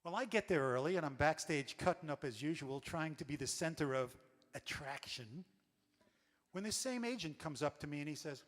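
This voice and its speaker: A man's voice: a little high, moderate pace, big-room sound. A man from New York telling wry comic stories in a stage monologue. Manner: animated, wry. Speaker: storyteller.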